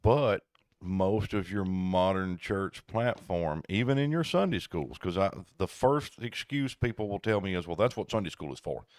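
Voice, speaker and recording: A man with a low voice holds forth bluntly on a podcast, opinionated and lecturing. The sound is dry and close-miked. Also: no room sound. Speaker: podcast co-host. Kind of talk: casual chat.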